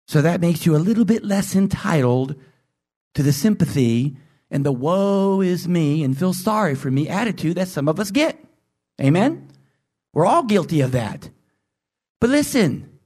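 Emphatic preacher, rising pitch. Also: male voice. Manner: emphatic preaching with call-and-response questions; swings between loud high emphasis and low intense asides. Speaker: pastor. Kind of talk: sermon.

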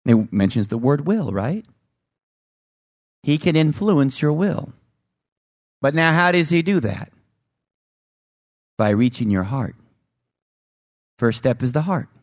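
A man preaching a sermon as pastor, with an emphatic delivery that swings between loud highs and low, slow lines. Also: sing-song, dry recording, clean studio sound.

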